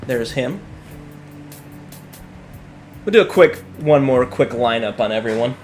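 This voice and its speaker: A man's voice: medium pitch, expressive, a little slow, faint music behind. A man casually chatting on a live stream as he paints miniatures, joking and rambling as he thinks aloud.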